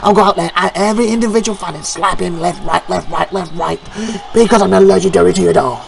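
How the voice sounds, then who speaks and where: A man's voice: high voice, quick pace, gravelly, slight background noise. A man voicing an arrogant, boastful male wrestler in a game show promo who bellows at a booing crowd.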